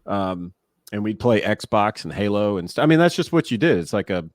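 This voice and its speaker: Man in his 40s, casual storyteller, fairly low, very lively delivery, dry sound. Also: normal speed, no room sound. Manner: animated, laughing storyteller who acts out quotes. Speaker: former pro baseball player and broadcaster. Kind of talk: casual storytelling in a podcast interview.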